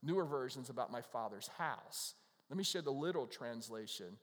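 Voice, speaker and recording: Expressive and fairly bright in tone, this middle-aged male pastor talks at normal speed and medium pitch. His sermon is relaxed and chatty, with frequent impressions of people from scripture, all ringing in the long reverb of a church hall.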